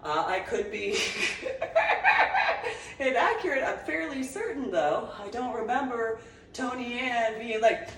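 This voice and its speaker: Slow-talking New Jersey woman, meandering vlogger who laughs often; heard from a distance. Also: a little high, lively intonation, a bit bright, slight background noise. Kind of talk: rambling personal monologue. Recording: roomy echo, voice from a distance.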